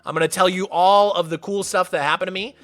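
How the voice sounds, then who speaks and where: A man's voice: high voice, fairly even intonation, fast talker. A man streaming a game live, chatting casually and playfully with viewers, laughing often and greeting newcomers by name. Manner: soft baby talk to his cat. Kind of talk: casual livestream chat.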